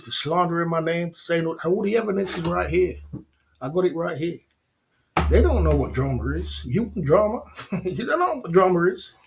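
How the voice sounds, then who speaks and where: A man hosting a livestream, ranting indignantly in slangy, repetitive casual talk with frequent laughs. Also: fairly high pitch. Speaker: livestream host.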